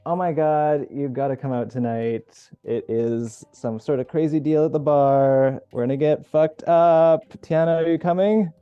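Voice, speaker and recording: A man playing a pushy male friend who excitedly urges someone to come out drinking. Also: fairly high pitch, measured pace, few pauses, smooth, no echo, faint music behind, voice pushed up, close to an everyday voice. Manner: excited, over-the-top, coaxing. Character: pushy male party friend urging a night out. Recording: dull lo-fi video call audio.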